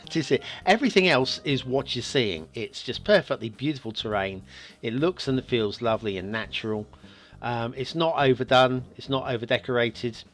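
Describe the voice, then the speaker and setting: A man's voice: mid-range voice, moderate pace, fairly bright tone, faint music behind. A man hosting a map review show, giving rambling, casual commentary on a game map with frequent chuckles and self-mocking asides.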